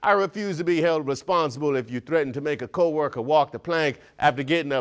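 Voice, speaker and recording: A man from Prince George's County, Maryland, hosting a scripted comic monologue in a playful, animated way with mock-serious asides. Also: on the high side, quick pace, hardly any pauses, clean tone. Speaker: comedy segment host.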